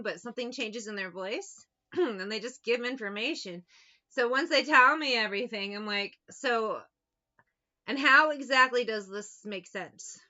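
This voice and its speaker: A woman with a very bright, high-leaning voice talks bluntly and swears freely, telling anecdotes as a tarot reader. The recording is dull and lo-fi. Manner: blunt and profane, tells anecdotes. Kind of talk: casual straight-to-camera monologue.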